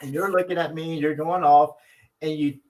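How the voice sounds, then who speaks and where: On a rough recording, a man with a voice on the high side speaks in a steady tone at normal speed. He and his wife co-host a podcast, and in their casual chat he tells stories earnestly and reflectively, with many restarts.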